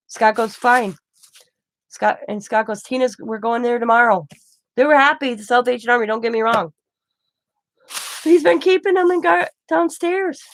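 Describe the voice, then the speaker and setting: A middle-aged woman chats casually at a middle pitch, rambling through a family story and acting out what everyone said. Her voice is recorded dry and close, with no room sound around it. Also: no echo. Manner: rambling storytelling with quoted dialogue. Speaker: craft channel host. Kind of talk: casual chat to camera.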